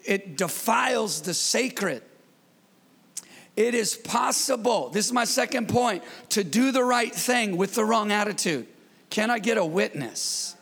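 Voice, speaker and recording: High-voiced gravelly pastor preaching. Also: male voice, big-room sound. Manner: lively, conversational preaching with call-and-response. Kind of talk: sermon. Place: church.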